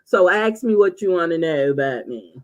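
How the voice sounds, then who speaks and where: A woman in her sixties chatting and laughing on a casual livestream, telling stories with drawn-out exclamations. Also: fairly low pitch, animated, poor audio. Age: 60s. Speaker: livestream host.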